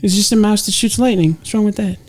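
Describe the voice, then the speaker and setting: A man with a Mexican-American accent co-hosts a casual podcast with dry, deadpan remarks. His voice sits notably high for a man. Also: fast talker. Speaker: podcast co-host. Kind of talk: casual chat.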